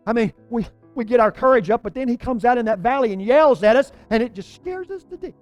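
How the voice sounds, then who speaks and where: A pastor preaching a sermon, telling a story with lively energy and stumbling over repeated words. His voice sits high for a man. Soft music plays faintly underneath. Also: quick pace.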